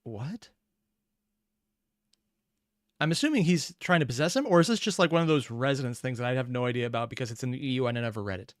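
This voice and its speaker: A man casually reacting to a video, chatty and excitable, swearing freely. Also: mid-range voice, very fast, no room sound.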